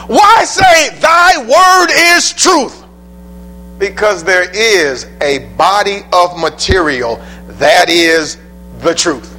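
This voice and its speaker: A man preaching a sermon, stressing key phrases and drawing them out slowly. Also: high-pitched, sharp tone, slight background noise, low-quality recording. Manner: emphatic, drawn-out stressed phrases.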